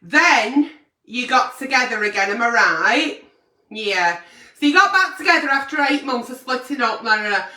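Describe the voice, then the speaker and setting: A brash woman hosts a late-night advice show. She is blunt and swears through every answer, and her voice is high and bright. The echoey room and her distance from the mic make her sound a little far off. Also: expressive, normal speed. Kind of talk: late-night agony aunt chat.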